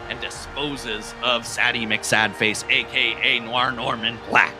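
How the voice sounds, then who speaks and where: A man's voice: medium pitch, normal speed, hardly any pauses, music in the background. A man doing goofy play-by-play wrestling commentary, cracking silly jokes between calls. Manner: goofy, silly jokes, bursts into excited shouting.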